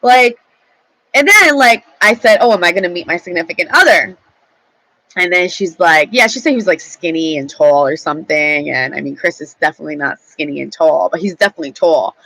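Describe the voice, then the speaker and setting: A woman's voice: on the low side, animated, brisk, pushed and bright, no echo, rough recording. A young woman vlogger telling a story in a chatty, rambling way, swearing freely. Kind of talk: casual storytelling to camera.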